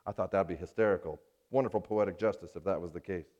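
A man's voice: deep voice, quick pace, darkish tone, dull audio. Man preaching with a storytelling flair. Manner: storytelling, emphatic, with playful asides. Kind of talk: sermon.

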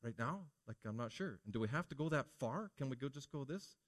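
A man voicing a hesitant grown man who fusses and stalls in a hushed, low mumble. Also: lively intonation, fairly quick, no room sound, studio quality, natural voice. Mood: fussy hesitant.

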